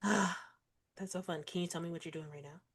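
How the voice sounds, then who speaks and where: A woman's voice: fairly low pitch, normal speed, breathy edge. A young adult woman hosting a book podcast, chatting casually and acting out quoted dialogue. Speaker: podcast host. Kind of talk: casual chat.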